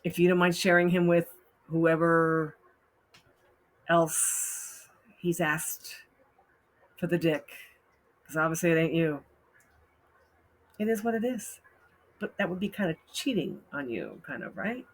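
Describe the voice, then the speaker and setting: A woman's voice: lowish voice, a little slow, pauses often. A woman hosting a casual advice talk, frank and blunt, often laughing as she reads out posts. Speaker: host giving advice.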